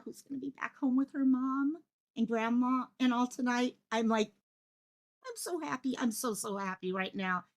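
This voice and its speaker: A woman runs a live stream from her home office, her voice bright and sitting a little high. She talks in an excited, breathless rush, leaving thoughts half finished as she jumps to the next one and greets viewers by name. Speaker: livestream host covering a missing-child case. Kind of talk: live-stream commentary, reading chat.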